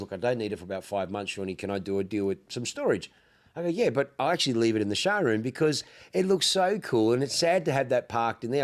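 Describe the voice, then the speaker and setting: An Australian man with a Melbourne accent, hosting a casual podcast chat and telling slangy, swearing stories, acting out what people said. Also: mid-range voice. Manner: broad slangy storyteller, swears freely, acts out quotes. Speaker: podcast host, car dealer.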